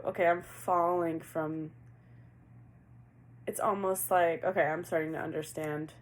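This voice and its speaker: A woman's voice: fairly low pitch, fairly even intonation, normal speed, rough recording. A woman giving a casual tarot reading, chatty and laughing often, asking questions aloud as she goes. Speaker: tarot reader.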